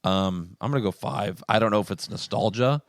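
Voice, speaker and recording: Hoarse, low-voiced man rating movies. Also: a little fast, no echo, clean studio sound. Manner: relaxed, rambling, self-deprecating. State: hoarse, losing his voice. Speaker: podcast co-host. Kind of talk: casual chat, rating movies.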